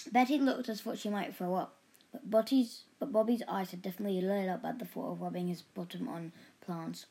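A woman's voice: mid-range voice, steady tone, brisk, dark tone, poor audio. Woman reading a children's story aloud. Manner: chatty asides to the listener.

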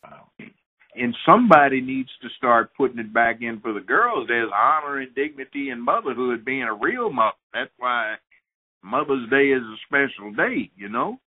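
A man's voice: mid-range voice, lively intonation, moderate pace, slightly rough. A man guest on an interview show, telling stories and giving advice in an emphatic, lecturing way. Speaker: guest, judge. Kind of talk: interview talk, storytelling and advice. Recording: phone-like narrow sound.

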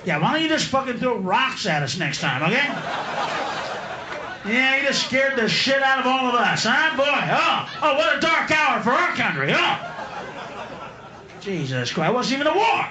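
A man's voice: extremely high pitch, very animated, moderate pace, noisy background. A man performing a profane, mocking stand-up comedy routine, laughing mid-line, at a live comedy venue. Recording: echoey live room with loud crowd.

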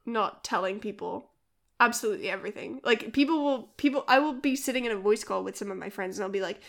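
A woman's voice: mid-range voice, quick pace, vocal fry, fairly bright tone. Rambly podcast writer lady, casual chat, lots of likes and ums. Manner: rambling, with many fillers.

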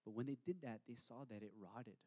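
A man preaching a sermon as pastor, reflective, reading scripture aloud with slow, emphatic pauses. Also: medium pitch, warm tone, slightly rough.

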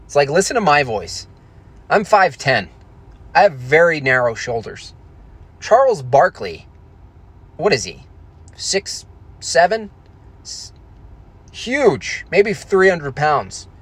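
A man's voice: on the high side, very animated, slow pace, long pauses, fairly bright tone, slightly rough. A man chatting casually, rambling and joking irreverently as he reacts to comments. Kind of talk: casual chat.

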